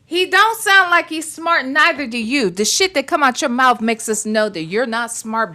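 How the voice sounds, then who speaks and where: A woman's voice: medium pitch, a bit bright. A woman hosts a casual commentary show in a blunt, sassy manner. She scolds freely and speaks straight to her viewers. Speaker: YouTube commentary host.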